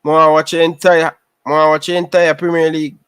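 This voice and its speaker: A man's voice: a little high, level tone, moderate pace, a bit bright, clear, resonant tone, no echo. A man with a Jamaican accent, chatting casually with viewers on a livestream, repeating himself and calling out viewers by name. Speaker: livestream host. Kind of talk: casual live chat. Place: living in Canada.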